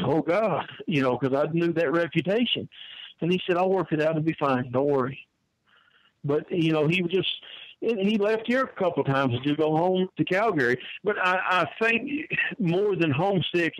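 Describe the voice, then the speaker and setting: A fairly high-pitched older man, a guest who managed wrestlers, recounts wrestling stories folksily in an interview and frequently repeats words. The recording is dry and rough.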